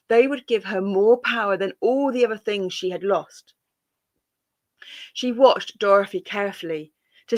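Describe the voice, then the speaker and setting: A woman reading a classic children's story aloud in a calm, measured way. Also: mid-range voice.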